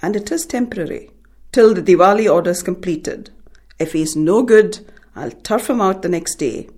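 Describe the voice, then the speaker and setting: A woman reading aloud, voicing a gruff male factory gaffer who speaks curtly and impatiently. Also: lowish voice, lively intonation, moderate pace, a little mellow. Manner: gruff, curt.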